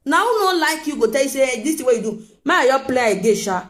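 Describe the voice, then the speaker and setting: A woman's voice: sits high, big pitch swings, fast. A woman with a Nigerian accent giving casual gossip commentary, emphatic and full of rhetorical questions to her viewers. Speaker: gossip vlogger.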